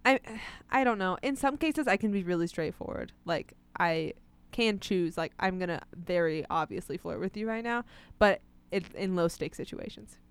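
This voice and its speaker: A young woman co-hosting a casual chat, relaxed and self-deprecating, laughing often. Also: lowish voice, moderate pace, smooth.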